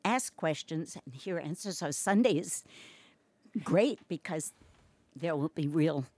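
A woman's voice: low voice, lively intonation, a little slow, darkish tone, no room sound. A woman hosting a local radio arts show, chatting with guests and asking follow-up questions. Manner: conversational, asks follow-up questions. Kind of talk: casual radio interview.

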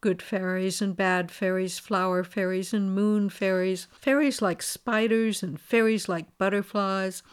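Smooth-voiced woman reading a fairy tale. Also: medium pitch, unhurried, hardly any pauses. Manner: lively, expressive. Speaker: storyteller. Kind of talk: fairy-tale read aloud.

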